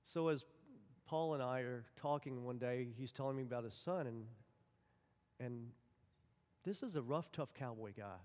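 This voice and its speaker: A man's voice: mid-range voice, normal speed, darkish tone. A man preaching a sermon, telling folksy personal stories and acting out the dialogue. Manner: folksy storytelling, acts out dialogue. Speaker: pastor. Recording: long hall reverb.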